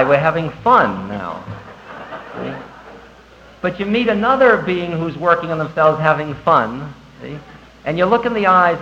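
A man giving a conversational spiritual talk to an audience, animated and laughing at himself. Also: a little high, a little hiss or hum. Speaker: spiritual teacher. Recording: dull lo-fi recording with faint ambience.

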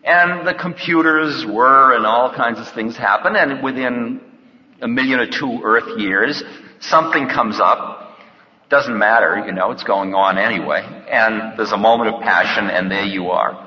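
A man giving an unhurried, reflective spiritual talk, with playful acted-out bits of dialogue, in a lo-fi recording. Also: medium pitch. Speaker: spiritual teacher. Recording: lo-fi recording in an echoey hall.

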